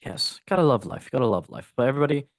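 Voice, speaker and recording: A man's voice: medium pitch, lively intonation, rapid-fire, no room sound. Chatty, jokey male podcast host. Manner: chatty, jokey, trips over words. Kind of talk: casual podcast news chat.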